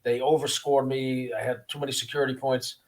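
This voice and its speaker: A man, a former prisoner, telling his story in a casual interview with an earnest, halting manner, often repeating words. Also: medium pitch, level tone. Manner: earnest, repeats words, acts out guards' voices.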